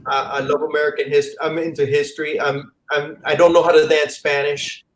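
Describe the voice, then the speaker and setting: Guy from the miami area rambling on about his comics, a bit high voice, echoey room w faint hiss. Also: little pitch movement, fairly quick. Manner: rambling storyteller, repeats words. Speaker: guest, comic YouTuber. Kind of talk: casual live-stream chat. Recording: roomy echo, faint hiss.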